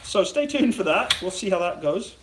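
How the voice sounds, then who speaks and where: British man, slightly high voice, rambling livestream chat, cooking at home, mic a bit far off in an echoey room. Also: big pitch swings, moderate pace, very noisy. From Britain. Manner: rambling, chatty, reads viewer comments aloud. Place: home kitchen.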